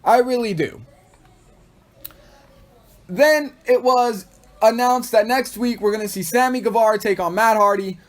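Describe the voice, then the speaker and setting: A man with a high voice hosts a wrestling podcast from Texas. He recaps the show in a casual, excitable way and slips into goofy voices to act out what the wrestlers said. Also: unhurried, long pauses. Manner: excitable, acts out quoted wrestlers in funny voices. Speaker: podcast host.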